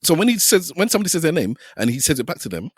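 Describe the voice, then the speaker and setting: A man co-hosting a podcast, explaining things fast in casual chat and often talking over others. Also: on the high side, big pitch swings, breathy edge, dry recording, studio quality. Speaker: podcast co-host.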